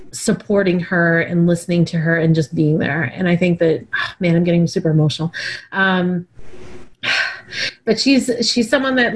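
A woman in her thirties co-hosting a podcast, chatty and heartfelt, with lots of filler words. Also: fairly low pitch. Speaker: podcast co-host. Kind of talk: casual chat.

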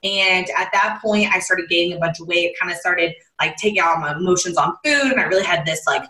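A woman's voice: lowish voice, fast, sharp tone. A woman guest casually telling her story on a podcast, chatty and full of "like". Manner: chatty, peppered with "like" and laughs. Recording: roomy, distant from the mic.

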